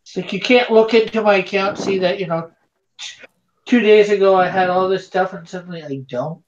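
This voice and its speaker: A man's voice: high voice, moderate pace. Easygoing male stream host reading out chat, muffled lo-fi sound. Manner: relaxed, reads viewer messages aloud. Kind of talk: casual chat.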